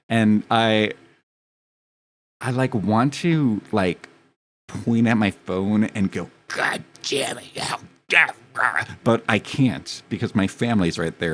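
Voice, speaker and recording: Young man rambling on a stream, low voice. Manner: rambling, profane, self-mocking storytelling. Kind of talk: casual chat with a live stream audience.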